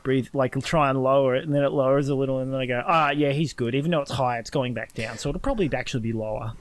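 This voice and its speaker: A man's voice: mid-range voice, quick pace. A man, co-hosting a casual podcast and telling rambling stories full of restarts. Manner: rambling storyteller, restarts and acts out others. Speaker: podcast co-host. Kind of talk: casual chat.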